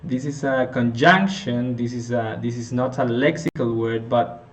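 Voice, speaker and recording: A man teaching an intonation lesson, working through example sentences slowly, often restarting and correcting himself. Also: mid-range voice. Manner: slow, halting, with frequent restarts and self-corrections. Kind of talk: phonetics lesson explanation.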